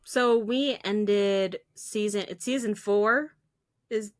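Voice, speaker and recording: A woman co-hosting a casual podcast, talking in a loose, chatty way full of fillers. Her voice sits at an ordinary middle pitch. The sound is dry and close, with no room around it. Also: slow, no room sound. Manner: chatty and animated, with many fillers. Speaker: podcast co-host.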